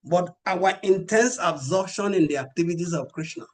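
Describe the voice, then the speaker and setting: A man preaching a scripture class, measured and emphatic, quoting verses. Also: high voice, slight background noise.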